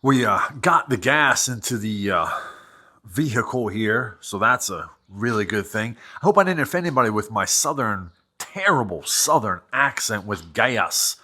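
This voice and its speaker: Lively, bright-voiced rambling man. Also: fairly low pitch, moderate pace. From New Hampshire. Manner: rambling, joking, self-deprecating asides. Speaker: host working on an old vehicle. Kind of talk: casual running commentary while wrenching.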